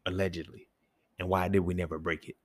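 A young man hosting a solo podcast, talking in casual street slang with lots of profanity and rhetorical questions that jump up in pitch. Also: flat delivery, fairly quick, no echo. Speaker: podcast host.

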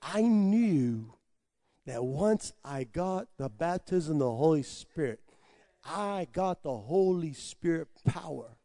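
Excitable stammering preacher man. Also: on the high side, takes it slowly. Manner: animated storytelling with stammered restarts and made-up tongue syllables; swings from hushed asides to loud excited shouting. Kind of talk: testimony sermon.

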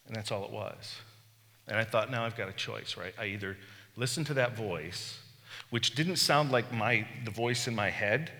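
A man's voice: on the low side, moderate pace, bright, forceful tone. A middle-aged man giving a conversational sermon as a bishop, telling candid, self-deprecating stories with the odd chuckle. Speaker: bishop preaching. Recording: long reverb from a large room.

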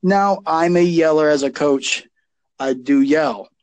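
A man's voice: fairly high pitch, slow, darkish tone, no echo, highs cut off. A man who coaches youth football, talking casually and emphatically on a podcast, often repeating words as he gets going.

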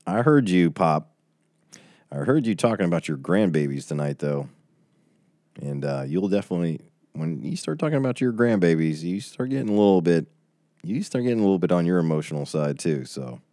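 Bible study teacher, man, forties, very deep, dry close sound, chatty and emotional. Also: big pitch swings, fairly quick, warm tone, no room sound. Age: 40s. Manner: chatty, reading out viewer comments. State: tearing up. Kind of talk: casual livestream Bible study wrap-up.

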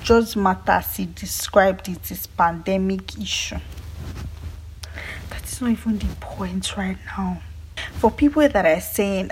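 A young Nigerian woman with a Nigerian accent, delivering an angry, emphatic monologue that often drops to a hushed near-whisper. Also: mid-range voice, a little slow, slight background noise, poor audio. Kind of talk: impassioned monologue.

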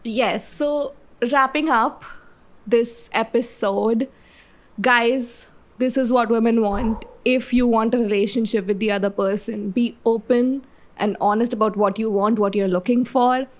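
A young woman, co-hosting a podcast in casual chat, chatty and quick to laugh. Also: on the high side, steady tone. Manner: giggly, chatty, frequent laughs. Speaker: podcast co-host.

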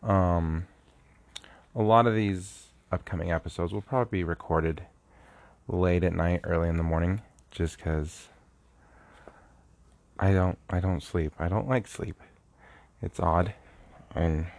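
A man's voice: low voice, steady tone, takes it slowly, long pauses, darkish tone. A young man hosting his own podcast, talking earnestly and rambling as he thinks aloud, often restarting his sentences, awake early after a sleepless night. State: sleepless, recording early in the morning. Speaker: podcast host. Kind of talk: casual solo podcast monologue.

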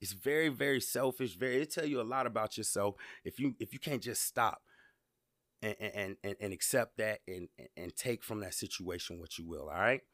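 On a clean studio recording with no room sound, a male podcast host speaks at a moderate pace in a fairly low, slightly bright voice. He delivers a conversational, emphatic pep talk, and when he builds momentum he tends to say the same words again.

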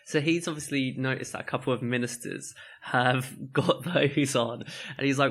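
A man's voice: mid-range voice, fairly even intonation, moderate pace, a bit bright. A man co-hosting a podcast, telling stories in a casual chatty way and laughing often. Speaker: podcast co-host. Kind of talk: casual chat.

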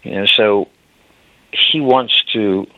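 A man's voice: on the low side, slow pace, no echo. A man preaching a sermon, earnest, often addressing his listeners as beloved, choked up with emotion. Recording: dry, phone-like narrow sound.

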